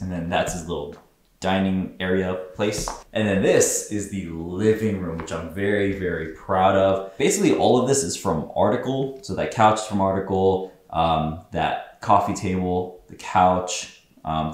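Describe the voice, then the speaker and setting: A man's voice: deep voice, moderate pace, roomy sound. A man in his twenties from Southern California gives a casual, upbeat home tour vlog, walking from room to room with lots of fillers. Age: 20s. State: a bit out of breath at times. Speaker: vlogger.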